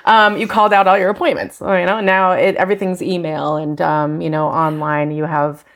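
Midwestern American woman, casting director guest; low voice with fry, easygoing, laughs often. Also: moderate pace. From Fargo, USA. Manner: relaxed, self-deprecating, laughs easily. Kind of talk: interview answers.

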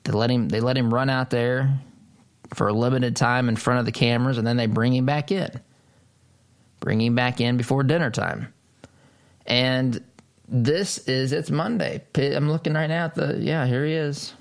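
A man's voice: mid-range voice, fairly even intonation, moderate pace, gravelly. A man hosting a political commentary show, talking emphatically and incredulously, repeating phrases for stress. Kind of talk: opinion commentary monologue.

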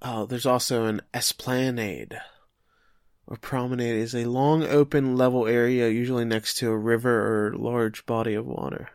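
A man's voice: mid-range voice, steady tone, moderate pace, clean tone, no room sound, clean studio sound. A man co-hosting a podcast, chatting casually and joking as he recaps an anime episode, with lots of fillers. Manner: joking, chatty, thinks aloud with many fillers. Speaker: podcast co-host.

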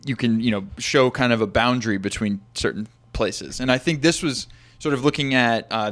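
A man's voice: mid-range voice, a bit bright, smooth. Rambling casual male podcast host. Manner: rambling, many fillers and restarts, asks questions. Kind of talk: casual conversational interview.

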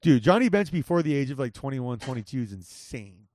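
A man's voice: medium pitch, very animated, brisk, darkish tone. A man hosting a casual podcast, joking and swearing loosely as he banters with a friend. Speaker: podcast host.

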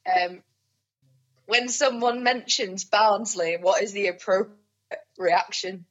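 A woman from southern England with a southern accent mixed with northern English, a podcast guest and musician, chatting in a playful, giggly way with a husky voice. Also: medium pitch, steady tone, slow pace. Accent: southern English with picked-up northern English. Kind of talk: casual chat. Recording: dull lo-fi sound.

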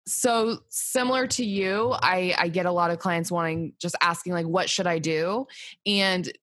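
A woman's voice: on the low side, unhurried, a bit bright, no room sound. A woman guest therapist on a podcast, speaking thoughtfully in casual chat with a lot of "like" fillers. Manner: thoughtful, frequent "like", laughs easily.

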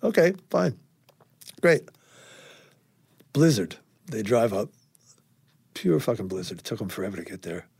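Older man, husky low voice, dry close sound, lively anecdotal storytelling. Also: a little fast, dry recording. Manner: animated, acts out quoted dialogue, swears casually. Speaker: guest musician.

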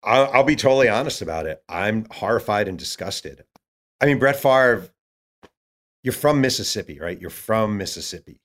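Man, author guest, low-ish voice, animated storytelling, acts out quotes. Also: moderate pace. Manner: acts out quotes of others, many fillers.

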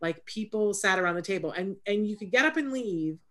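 A woman's voice: mid-range voice, lively intonation, brisk, a bit bright. A woman hosting a casual interview, telling a personal story with a reflective, storytelling manner before introducing her guest. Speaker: host.

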